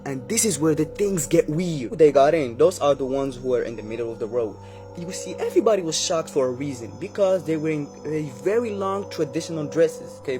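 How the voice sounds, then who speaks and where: A man casually telling a horror story, chatting directly to his listeners with quick recaps and asides. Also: on the high side, warm tone.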